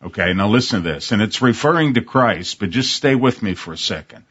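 A man's voice: lowish voice, lively intonation, brisk, a bit bright, husky. A man preaching a sermon in an earnest, emphatic way, reading scripture aloud. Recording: dull lo-fi sermon recording.

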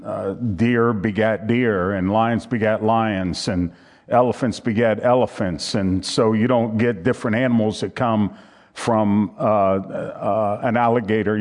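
A man's voice: fairly low pitch, darkish tone. A man preaching a sermon, reading scripture aloud and teaching from a handout with emphatic repetition.

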